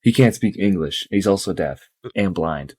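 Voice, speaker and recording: A man co-hosting a podcast in casual chat, sleepy and low on energy, laid-back and swearing a lot. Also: lively intonation, moderate pace, a little mellow. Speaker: podcast co-host.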